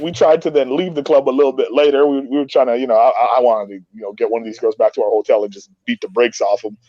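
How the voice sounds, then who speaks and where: A man telling a rowdy story to his friends on a podcast. He talks in a boisterous, profane way and gets loud when he quotes himself. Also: a little high, dry recording, muffled recording. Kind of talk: casual storytelling among friends.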